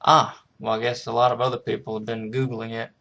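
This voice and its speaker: A man talks through a film in a loose, rambling recap, restarting his sentences as he goes. His voice is gravelly and stays fairly flat in pitch, sitting in an ordinary middle register. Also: a little fast. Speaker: film reviewer. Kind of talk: casual spoken film recap.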